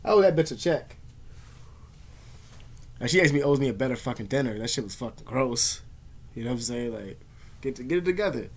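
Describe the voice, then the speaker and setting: A man vlogging in a rapid, rambling rant. He swears constantly and speaks in casual slang at a middling pitch. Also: expressive.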